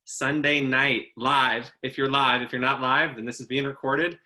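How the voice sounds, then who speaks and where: A man's voice: medium pitch, fairly even intonation, normal speed, bright, forceful tone. A man co-hosting a casual live-stream chat show, playful and fond of sing-song repetition. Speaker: co-host.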